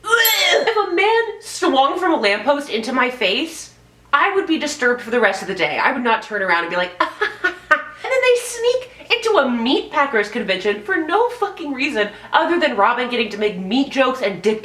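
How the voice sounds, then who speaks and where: A woman's voice: a little high, very animated, moderate pace, a bit bright, reverberant. A young woman giving a casual, profane, sarcastic movie review and mimicking characters in mock voices.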